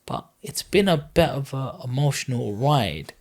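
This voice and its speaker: A man's voice: medium pitch, animated, unhurried, darkish tone. A man in his thirties, a podcast guest telling an emotional personal story in an earnest, heartfelt, rambling way. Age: 30s.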